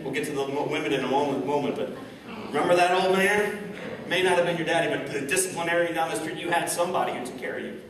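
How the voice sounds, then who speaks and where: A man's voice: fairly high pitch, distant mic. Guy giving a motivational talk, big echoey hall, mic set back a bit, faint room hum. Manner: storytelling, addresses audience directly. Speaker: motivational speaker. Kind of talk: inspirational keynote speech. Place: large event hall.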